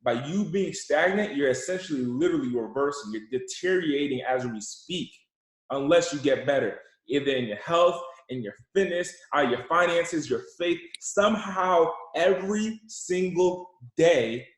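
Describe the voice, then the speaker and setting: A man's voice: fairly high pitch, expressive, moderate pace. A young adult man, an entrepreneur, giving a motivational account in an interview, emphatic and repeating words as he builds a point. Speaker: entrepreneur guest. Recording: roomy echo.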